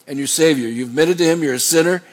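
Man preaching, kinda high voice, chatty and earnest, wanders off on tangents. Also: quick pace. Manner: folksy, digressive, earnest. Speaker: pastor. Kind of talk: sermon with scripture reading.

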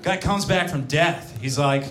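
A man's voice: fairly high pitch, a little slow, fairly bright tone. A man doing a stand-up set in a comedy club, self-deprecating, with mumbled asides. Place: comedy club before a live audience. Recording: echoey live club with crowd noise.

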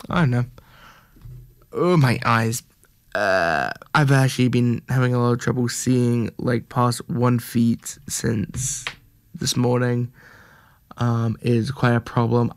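A man's voice: mid-range voice, gravelly, clean tone. A young man hosting a stream, chatting casually in a joking, rambling, self-mocking way. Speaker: stream host.

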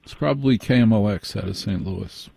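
A man hosting a late-night radio call-in show from a studio, measured and emphatic, repeating phrases for effect. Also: lowish voice, gravelly, dark tone, breathy edge. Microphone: studio microphone.

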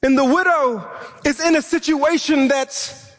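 A man's voice: very high-pitched, measured pace, a bit bright. A young man preaching a sermon, impassioned, at times acting out frustrated pleas to God. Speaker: pastor. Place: church sanctuary. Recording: long reverb of a large hall.

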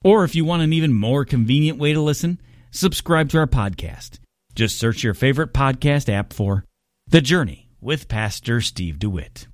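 A male announcer reading a scripted promotional message in a smooth, promotional way. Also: mid-range voice, animated, moderate pace, no echo, studio quality. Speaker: radio announcer. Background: faint music.

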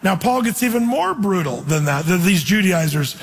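A man's voice: high voice, animated, normal speed, husky, in a large hall. A man preaching a sermon in a church, emphatic, acting out the voices he quotes. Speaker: pastor.

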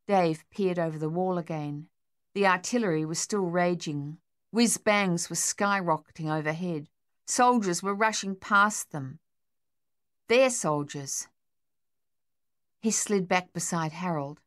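A woman reading a war novel as audiobook narration, measured and tense. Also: on the low side.

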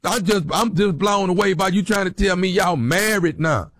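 A man's voice: high voice, normal speed, a bit bright. A man playing a brash jailed man who phones to claim his girl, insistent and swaggering, on a phone call. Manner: insistent, swaggering, keeps repeating himself.

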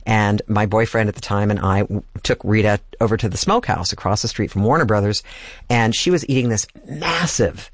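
An older man hosting a music program, telling anecdotes in a loose, rambling way and stopping to correct himself. His voice sits fairly low. The recording is dry and close, with no room sound. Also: brisk, no echo. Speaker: radio music host. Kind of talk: casual storytelling between music.

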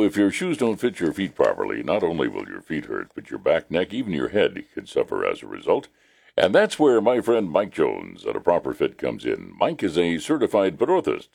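Deep gravelly radio host, swooping delivery. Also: male voice, wildly swooping pitch, normal speed, darkish tone. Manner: upbeat announcer delivery with swooping pitch. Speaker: radio morning show host. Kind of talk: radio show hosting.

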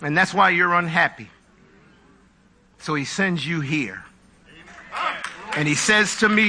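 A man preaching a live sermon to his congregation, animated, with mocking asides and humor. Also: a little high, slow pace, pauses often, a little hiss or hum. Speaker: pastor.

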